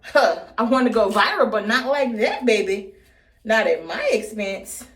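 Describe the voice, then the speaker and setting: A woman in her thirties with a fairly high voice, chatting in a playful, jokey way while she styles her hair. She talks to the viewers like friends. The room is echoey. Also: a little slow, fairly bright tone. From United States. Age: 30s. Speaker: hair vlogger. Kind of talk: casual chat while styling hair on camera.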